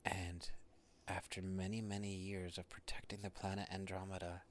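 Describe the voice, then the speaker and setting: A man telling his children a bedtime story in a soft, half-whispered voice, with many pauses. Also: low-pitched, level tone.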